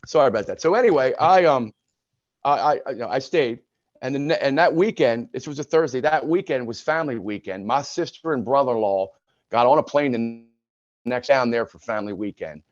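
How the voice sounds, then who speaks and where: A man's voice: mid-range voice, expressive, brisk, no room sound. Frank older man telling his story. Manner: frank, conversational, with many restarts. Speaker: podcast guest, retired sports broadcaster. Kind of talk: candid personal storytelling. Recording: dull lo-fi recording.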